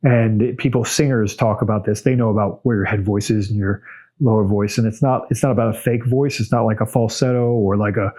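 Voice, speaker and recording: Middle-aged male podcast host, lowish voice, blunt, unhurried and off the cuff. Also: fairly even intonation, warm tone. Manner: plain, blunt and unhurried, with many fillers and restarts. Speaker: podcast host answering viewer questions. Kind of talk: casual solo Q&A monologue.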